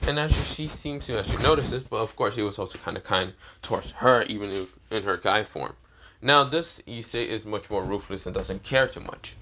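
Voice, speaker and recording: A man's voice: lowish voice, sharp tone, a little hiss or hum. A man telling a fan story off the cuff, rambling with frequent fillers and casual swearing. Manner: rambling, filler-heavy, profane.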